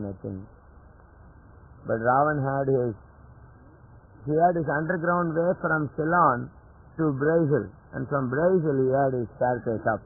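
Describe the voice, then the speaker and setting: A man with a gravelly, husky voice gives a devotional lecture and tells stories in a chatty way, chuckling at his own jokes. He is at an ordinary pitch for a man. The old lecture tape sounds thin and tinny, like a phone line.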